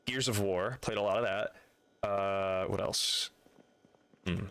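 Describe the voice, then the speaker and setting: A man talks through a live game stream in an easy, offhand way, reading items aloud and chatting with his viewers. His voice sits a little low, and he drops the odd swear word without thinking about it. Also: steady tone, takes it slowly, fairly bright tone, slight background noise. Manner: casual, chatty, swears freely.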